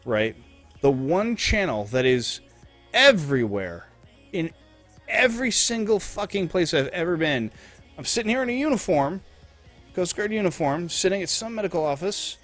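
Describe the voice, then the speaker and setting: Profane, ranting male streamer. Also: on the high side. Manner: profane, animated storytelling. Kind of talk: casual rant on a live stream.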